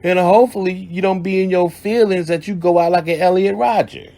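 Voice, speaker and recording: A man's voice: sits high, steady tone, brisk, creaky, few pauses, mellow. Blunt, profane male radio host. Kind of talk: casual call-in advice monologue.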